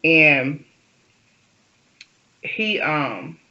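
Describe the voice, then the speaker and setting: A woman's voice: low voice, lively intonation, very slow, bright, forceful tone, muffled recording. A woman vlogger telling a personal story in a rambling, casual way, full of fillers and restarts.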